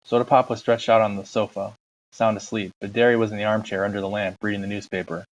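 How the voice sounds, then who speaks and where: Low-voiced man reading a novel aloud. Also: little pitch movement, fast, poor audio. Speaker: audiobook reader.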